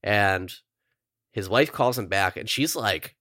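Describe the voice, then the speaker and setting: Low-voiced male podcast co-host. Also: takes it slowly, dry recording, clean studio sound. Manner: rambling, lots of ums, animated recaps. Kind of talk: casual chat.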